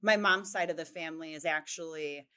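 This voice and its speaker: A woman's voice: sits low, fairly quick, sharp tone, clean tone. A woman from Chicago with a light Chicago accent, an upbeat, direct interview guest who laughs easily. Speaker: real estate coaching head.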